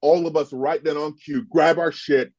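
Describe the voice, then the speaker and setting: A man's voice: fairly high pitch, fairly even intonation, moderate pace, darkish tone, no echo. A man in his fifties, a former football player, telling stories in an interview, emphatic and heated as he recounts them, swearing now and then. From United States. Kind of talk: animated storytelling in conversation. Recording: dry, slightly dull sound.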